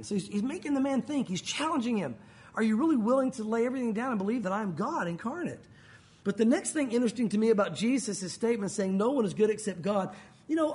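A man, a pastor, preaching a conversational sermon and acting out the voices he quotes. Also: high voice.

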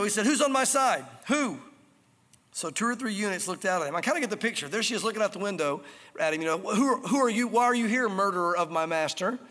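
A male pastor preaching a sermon, telling the story in an animated way and acting out scenes. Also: high-pitched. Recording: reverberant hall.

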